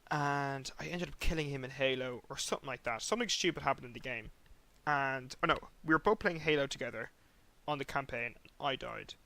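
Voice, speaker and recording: A young man hosting a podcast, telling a long rambling story in an animated way, acting out sounds and swearing casually. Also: mid-range voice. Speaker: podcast host.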